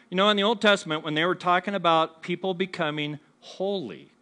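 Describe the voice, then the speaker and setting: A man's voice: on the high side, bright, forceful tone. A man preaching a sermon to a congregation, conversational and humorous, often asking the listeners questions and acting out what people say. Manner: acts out what people say to each other. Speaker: pastor. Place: church before a congregation.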